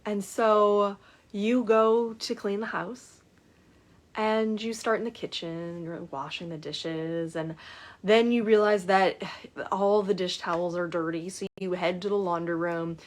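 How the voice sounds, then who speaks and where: A middle-aged woman speaks as a coach in a relaxed, conversational way. She tells stories and slips into the voices of the people in them. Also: medium pitch, unhurried. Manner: storytelling, acts out client dialogue with lively shifts. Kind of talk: casual talk to camera.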